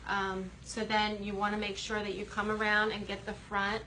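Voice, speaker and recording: A woman's voice: medium pitch, monotone, moderate pace, pushed and bright, slight background noise, low-quality recording. A woman chatting casually as she shows furniture refinishing step by step, explaining while she works in a workshop. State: out of breath from buffing. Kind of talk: casual how-to demonstration.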